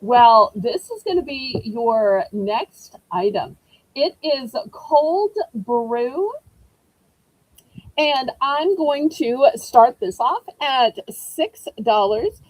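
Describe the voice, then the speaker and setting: Lively Southern woman hosting an auction. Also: high-pitched, extremely slow, no echo, low-quality recording. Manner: chatty, folksy, greets viewers by name. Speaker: live auction host. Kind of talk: live-stream auction selling.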